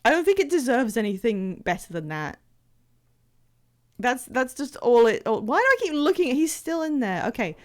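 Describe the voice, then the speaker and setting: A woman's voice: fairly high pitch, big pitch swings, normal speed. A woman streamer chatting casually while playing a game, rambling with many fillers and restarts.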